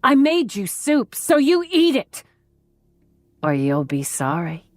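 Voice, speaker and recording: A woman's voice: fairly high pitch, big pitch swings, slow, dry recording, soft background music, voice pushed up. A woman voicing a white-haired male kidnapper who speaks with a twangy American Southern accent and a child's cadence. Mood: menacing. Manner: childish, wheedling, turning menacing.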